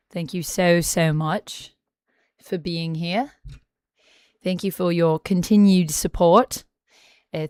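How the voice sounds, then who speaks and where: A woman's voice: lowish voice, no echo. A young adult woman streamer chatting casually to viewers, attempting an Australian accent and thanking them earnestly. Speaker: live streamer. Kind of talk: casual live-stream chat.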